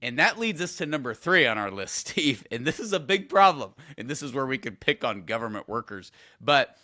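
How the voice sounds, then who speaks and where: Animated man on a dry podcast mic. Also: a little fast, no room sound. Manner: animated storyteller, jumps in pitch when excited. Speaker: podcast co-host. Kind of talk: casual podcast conversation.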